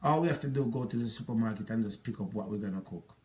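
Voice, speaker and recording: A lowish, slightly mellow voice at a quick pace belongs to a middle-aged man with a Jamaican accent. He rambles through a wounded monologue about a past relationship, with patois coloring the tale.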